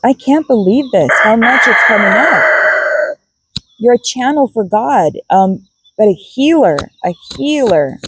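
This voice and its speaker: A woman's voice: on the high side, animated, a little slow, very noisy. A woman giving a spiritual card reading to her viewers, musing aloud and repeating key words as she goes. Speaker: tarot and oracle card reader.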